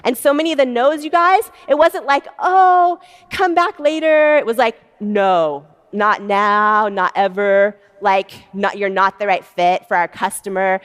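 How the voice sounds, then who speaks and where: A woman telling her own story as a motivational talk to an audience, animated and full of fillers, acting out quotes. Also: medium pitch, a little slow, few pauses, smooth. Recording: long hall reverb.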